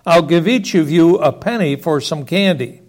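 A man's voice: on the high side, moderate pace, a little mellow, lightly acted. A man voicing a flustered, fussy mother who gives instructions, in a storytelling reading. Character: worried flustered mother, middle-aged.

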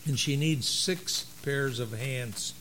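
Man doing god as a fussy excited creator, slow, faint hum behind. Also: medium pitch.

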